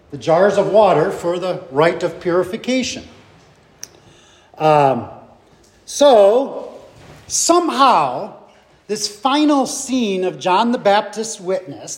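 A man leading a Bible study group, thinking aloud with rhetorical questions and fillers. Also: high-pitched.

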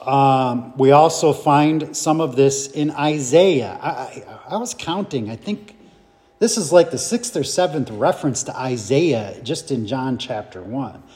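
A man leading a Bible study, reading scripture aloud and explaining it in a deliberate way with restarts and fillers. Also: a little high, a little mellow. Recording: long reverb from a hall.

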